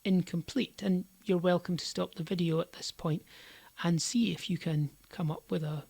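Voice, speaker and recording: A woman teaching a language lesson, explaining slowly and deliberately and stressing words in her example sentences. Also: fairly low pitch, steady tone, gravelly, darkish tone, breathy edge, no echo.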